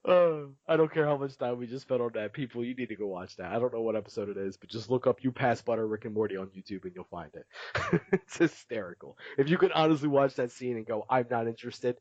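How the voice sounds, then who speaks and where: A man's voice: mid-range voice, fast, darkish tone, no room sound. Male co-host, casual, laugh-prone storyteller; dry lo-fi recording. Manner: laughs often while retelling a cartoon scene. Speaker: podcast co-host. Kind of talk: casual chat. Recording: dull lo-fi, dry.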